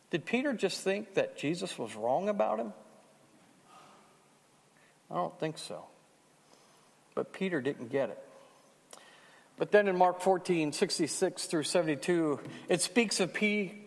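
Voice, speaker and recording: A man preaching a sermon who questions the congregation directly and rises in force on the key points. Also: a little high. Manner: asks the congregation questions, emphatic and rising on key lines. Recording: long hall reverb.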